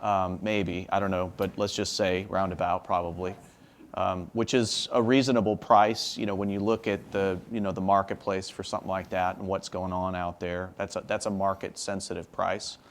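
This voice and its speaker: Male legislator, panel talk, lower register, earnest and halting. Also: little pitch movement. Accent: Texan. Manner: earnest, many fillers and restarts. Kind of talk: panel discussion.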